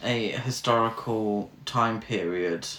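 A man's voice: on the low side, slow pace, a bit bright. A British man co-hosting a casual film review podcast, exasperated and sweary. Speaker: podcast co-host. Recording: roomy echo.

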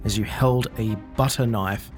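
A man's voice: fairly low pitch, steady tone, measured pace, faint music behind. Man narrating as game master.

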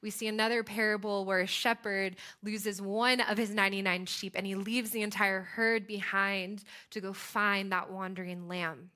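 Young American woman preaching through personal story, animated and conversational, with a bright tone. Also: mid-range voice, normal speed, few pauses. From United States. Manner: animated, chatty storytelling with frequent fillers. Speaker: speaker. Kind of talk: storytelling sermon.

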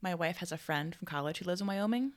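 A woman's voice: lowish voice, lively intonation, fast talker. A woman co-hosting a podcast, telling a crime story in a chatty way and saying "like" often. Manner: chatty, heavy use of "like". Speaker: podcast co-host. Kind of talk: casual true-crime storytelling chat.

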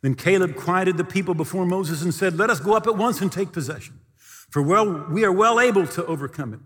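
Male pastor, sermon, lively storytelling with a raised voice, lightly high, long hall reverb. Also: a little fast. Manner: animated storytelling, shouting quoted lines.

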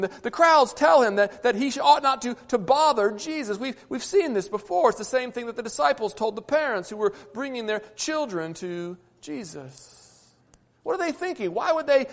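A man with a high voice preaches a sermon in an earnest way, often stumbling and repeating words as he builds his points. His voice rings out with a long reverb through a church sanctuary. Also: a bit bright.

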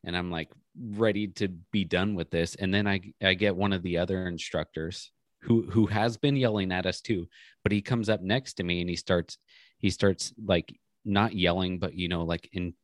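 Deep-voiced guy cohosting a podcast, rambly, dry mic. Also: steady tone, normal speed, no room sound. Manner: rambling storyteller, many restarts. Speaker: podcast co-host. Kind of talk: casual chat.

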